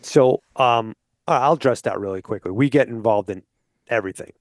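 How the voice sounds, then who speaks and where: A man speaking as a podcast guest, persuasive and explanatory, often checking in with listeners with a quick "okay?". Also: mid-range voice, no echo, clean studio sound. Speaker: hunting advocate guest. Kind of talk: casual podcast conversation.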